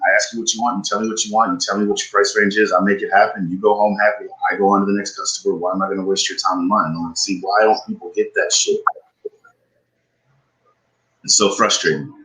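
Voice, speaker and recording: A man's voice: fairly low pitch, low-quality recording. A man, podcast co-host, telling a story in casual chat, swearing often and ranting with frustration. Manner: profane, animated, frustrated ranting.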